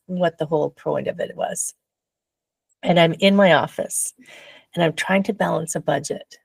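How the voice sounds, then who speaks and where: A woman guest recounts her own experiences in an animated, chatty way, laughing often and acting out her past self. Her voice sits on the low side with a gravelly edge. The recording is dry and close, with no room sound. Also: no echo. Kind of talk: casual storytelling in a podcast interview.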